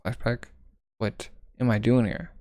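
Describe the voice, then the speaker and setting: A man's voice: medium pitch, flat delivery, measured pace, warm tone, no echo. A man reading a manga aloud casually, stumbling over words and adding side comments with fillers. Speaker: manga reader. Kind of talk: casual manga read-along narration.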